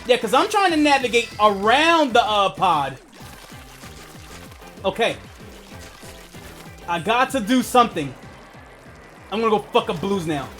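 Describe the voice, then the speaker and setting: Animated high-voiced man streaming a game. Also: measured pace, long pauses, faint music behind. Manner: profane, rambling, laughs often. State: asthmatic. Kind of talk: casual gaming stream chat.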